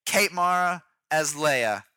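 Playful male podcast co-host, bright tone, slightly higher pitch. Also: lively intonation, slow pace, no room sound. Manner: playful, slips into mock announcer and silly voices. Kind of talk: casual banter and comedy bits.

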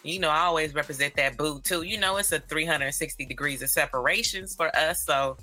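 A woman from Northern California co-hosts a podcast in an easygoing, slangy chat. Her voice is sharply forceful and bright, set against faint music. She laughs easily as she talks. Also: low-pitched, fairly quick. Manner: slangy, laid-back, laughs often. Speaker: podcast co-host.

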